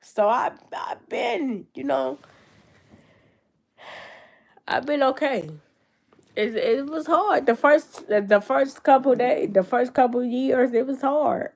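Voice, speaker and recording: A woman's voice: high voice, lively intonation, takes it slowly, long pauses. A young woman talking casually and reflectively to camera in a room at home, loose and conversational with many fillers. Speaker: vlogger. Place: her grandmother's room at home.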